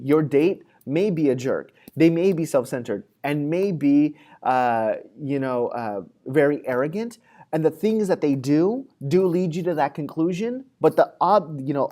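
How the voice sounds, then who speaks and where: A slightly high, dark-toned male voice belongs to a psychology lecturer in a classroom. He keeps things casual and filler-laden while acting out everyday scenarios in quoted voices.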